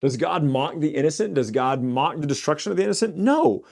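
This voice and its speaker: A man teaching a casual Bible study, explaining scripture in plain everyday words, sometimes pausing with fillers or correcting himself. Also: on the high side, lively intonation, gravelly, darkish tone. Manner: occasional fillers and self-corrections.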